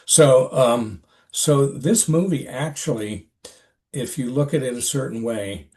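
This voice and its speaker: An actor appearing as a podcast guest, an older man with a medium-pitched voice, tells an old story in a relaxed interview. His delivery is halting and rambling, looping back with fillers and restarts.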